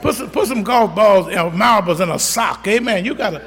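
A man's voice: high-pitched, lively intonation, fairly quick, a bit bright, long reverb tail, some chatter behind. A middle-aged man preaching a sermon, telling folksy stories and calling for amens from the congregation. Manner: storytelling, folksy, call-and-response. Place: church.

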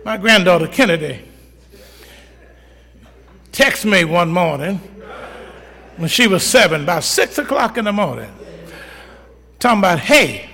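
A man's voice: high voice, expressive, measured pace, creaky, pauses often, bright, forceful tone, in a large hall. An older man, a pastor, preaching a sermon in church, telling stories from his own life and punctuating them with amens. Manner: storytelling with call-outs of amen, folksy. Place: church sanctuary.

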